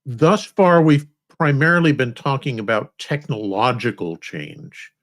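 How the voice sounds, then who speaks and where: A man's voice: mid-range voice, expressive, a little slow. A man on an online panel asking a question in formal, precise wording.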